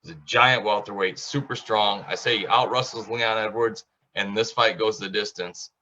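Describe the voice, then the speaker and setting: A man's voice: fairly low pitch, steady tone, normal speed, sharp tone. A man co-hosting a casual sports betting show, giving confident, opinionated fight picks. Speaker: co-host picking fights. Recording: dull lo-fi sound.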